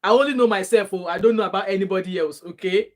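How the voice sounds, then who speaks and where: A woman's voice: medium pitch, fast. A woman giving opinionated, chatty commentary on a clip as a reaction vlogger. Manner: opinionated, chatty, greets viewers. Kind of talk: casual commentary on a played clip.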